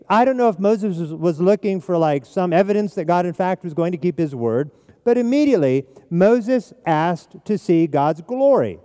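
A man's voice: high-pitched, warm tone, in a large hall. A man preaching an expository sermon as pastor, emphatic and repeating his key phrases.

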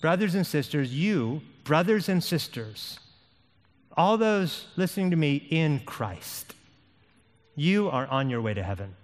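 Impassioned preacher in a reverberant hall. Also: male voice, on the high side, very animated, unhurried. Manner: impassioned, rising and falling preaching delivery. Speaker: pastor. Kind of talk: sermon.

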